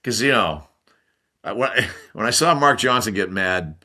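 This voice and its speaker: Older man telling lively stories, bright voice. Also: fairly low pitch, a little slow. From United States. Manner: animated anecdote-telling with mimicked voices and laughs. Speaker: podcast guest, former hockey player. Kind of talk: casual storytelling.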